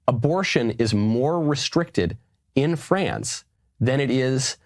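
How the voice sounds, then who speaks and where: A man's voice: medium pitch, lively intonation, slow, no room sound, studio quality. A man giving political commentary in a sarcastic, lecturing way. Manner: sarcastic, lecturing, laughs at his own points.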